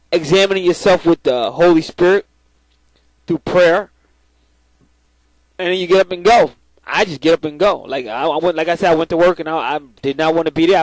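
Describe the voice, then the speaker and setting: A man's voice: fairly high pitch, dry recording, low-quality recording. A man giving spiritual advice to his viewers in a blunt, profane, preachy way, often repeating words as he starts. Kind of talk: casual spiritual talk to camera.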